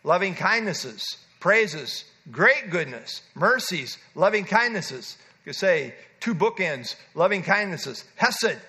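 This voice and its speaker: A man's voice: high voice, sing-song, slow, hardly any pauses, pushed and bright. A man preaching an expository sermon, teaching earnestly and leaning on repeated key words for emphasis.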